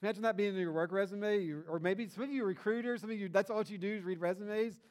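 A middle-aged male pastor delivers a sermon in a high-pitched voice, retelling a story conversationally and hitting his points with lively emphasis. He talks fast and barely pauses.

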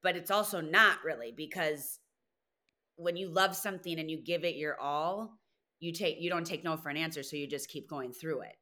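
A woman's voice: sits low, normal speed. A woman from Wisconsin in her thirties, a guest in a casual interview, telling stories animatedly and acting out quotes. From Wisconsin, USA. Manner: animated storytelling, acts out quotes.

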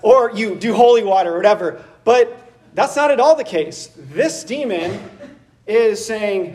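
A man preaching a sermon in a conversational, animated way, laughing and acting out voices as he goes. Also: high-pitched, a little slow, recorded from a distance, a little hiss or hum. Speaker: pastor. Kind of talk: expository sermon.

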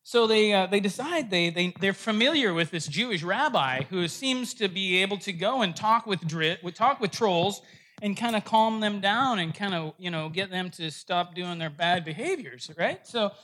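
Bright, high-voiced male preacher. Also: animated, normal speed. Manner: playful storytelling that turns to earnest teaching. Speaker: pastor. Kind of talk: sermon with a told joke.

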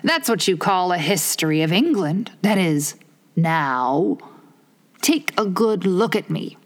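A woman reading a storybook aloud, putting on a higher, slow, pompous voice for a touchy male egg perched on a wall. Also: lively intonation. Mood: lofty. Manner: pompous, slow, drawn-out emphatic phrasing.

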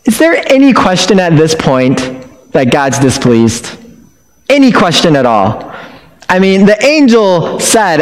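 A man with a fairly high, very animated voice gives a relaxed devotional reflection on scripture, chatty and joking. He stumbles and restarts his sentences as he talks. The sound carries a long reverb, as if recorded in a large room. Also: unhurried. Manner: conversational, joking, with frequent restarts. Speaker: Bible teacher. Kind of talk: casual devotional Bible reflection.

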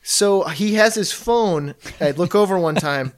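A man's voice: high-pitched, unhurried. A man casually telling a swear-filled anecdote about a customer he met at his bar, slipping into impressions of the people involved. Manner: profane storytelling, mimics people he met. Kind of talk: casual podcast chat.

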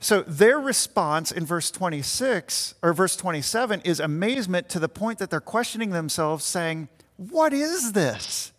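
A male pastor speaks at normal speed with hardly any pauses, his high, fairly bright voice animated as he preaches. He invites his congregation in the church meeting room to imagine the scene he's explaining, and long hall reverb colors the sound.

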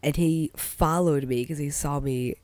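A woman's voice: deep voice, fairly even intonation, a little slow, a little mellow, dry recording. A young woman telling a funny story in casual chat, with a cold, laughing constantly and saying "like" a lot. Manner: giggly, laughs constantly mid-sentence, lots of likes. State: has a cold.

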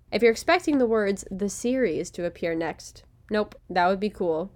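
Wry, laughing woman reading her review. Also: medium pitch. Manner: wry and sarcastic, laughs often, stumbles and restarts reading. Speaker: podcast host reading a review script. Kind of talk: casual recorded commentary read from a script.

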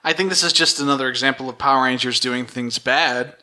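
Bright-voiced man recapping a show. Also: medium pitch, brisk. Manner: loose, summarizing with fillers and wry jabs. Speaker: podcast host recapping episodes. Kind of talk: casual recap chat.

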